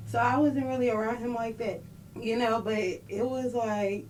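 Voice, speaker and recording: A woman's voice: on the high side, fairly even intonation, normal speed, darkish tone, far from the mic, a little hiss or hum, low-quality recording. A woman guest speaking candidly in a casual podcast conversation. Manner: candid, conversational, many fillers.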